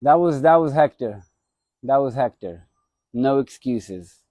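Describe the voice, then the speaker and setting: A man who once boxed talks loosely on a live stream, circling back over the same phrases as he remembers. His voice is warm and mellow. The sound is dry and close, with no room around it. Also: medium pitch, animated, unhurried, no echo. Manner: rambling, repeats his phrases. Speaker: former boxer hosting a live stream. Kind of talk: casual live-stream reminiscence.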